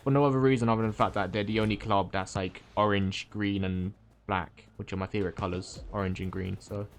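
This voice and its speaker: A man's voice: lowish voice, steady tone, fairly quick, a little hiss or hum. A man from Ireland streaming a game, chatting casually and a bit groggily, rambling with fillers and restarts. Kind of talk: casual chat while playing a game.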